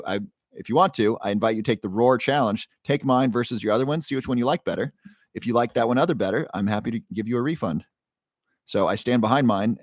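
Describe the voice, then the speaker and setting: A man hosting a casual livestream, greeting viewers from the chat by name and pitching a supplement with upbeat energy. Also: no echo, studio quality. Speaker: livestream host.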